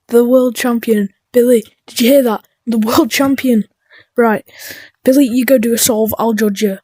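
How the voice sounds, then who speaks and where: A woman giving chaotic, dark-humored let's-play commentary, muttering and often dropping into whispers. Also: a little high, steady tone, measured pace, no room sound, studio quality. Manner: drops into whispers. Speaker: gaming YouTuber.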